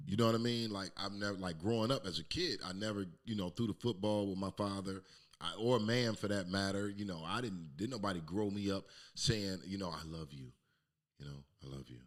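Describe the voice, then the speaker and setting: A middle-aged man hosting his own podcast, telling a raw, emotional personal story with plenty of profanity and sometimes dropping to a hush. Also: lowish voice. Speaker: podcast host. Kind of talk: candid personal monologue.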